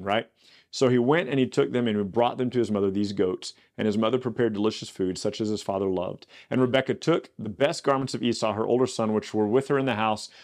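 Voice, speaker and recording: A man's voice: medium pitch, darkish tone. A man hosting a Bible podcast, reading scripture aloud and breaking off into casual, rambling commentary with restarts and asides. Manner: reads scripture then riffs with chatty asides; conversational, many fillers and restarts.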